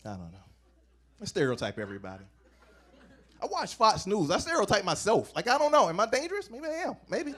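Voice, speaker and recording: A man in his thirties performs a stand-up set on a club stage, talking fast. He's animated, acting out bits with big swings in pitch.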